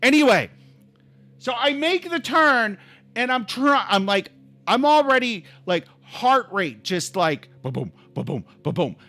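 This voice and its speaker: A man hosting a live stream, telling a story in an animated, exasperated way, swinging from calm to yelling. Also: very high-pitched, takes it slowly, no room sound.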